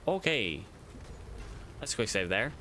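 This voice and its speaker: A man's voice: lowish voice, big pitch swings, slow, bright, forceful tone, a little hiss or hum. A man casually commenting as he streams a game, chatting to viewers and to creatures on screen.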